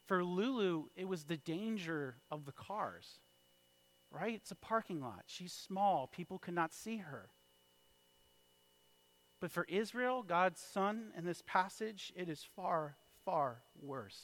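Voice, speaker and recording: Male pastor, 30s, fairly high voice, sermon storytelling, drops to a hush and then builds loud. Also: expressive, a little slow. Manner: storytelling with wide swings in loudness, from hushed to shouted.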